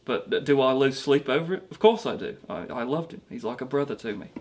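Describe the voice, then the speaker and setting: A man's voice: medium pitch, animated, a little fast, close to an everyday voice. A man plays a washed-up British rock singer, vain and sorry for himself. He rambles through his mockumentary interview, restarting his sentences as he boasts. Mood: rambling.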